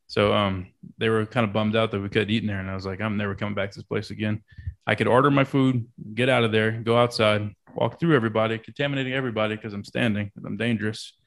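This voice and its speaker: Fast-talking low-voiced man. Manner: animated, profane, laughing. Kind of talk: casual chat, storytelling.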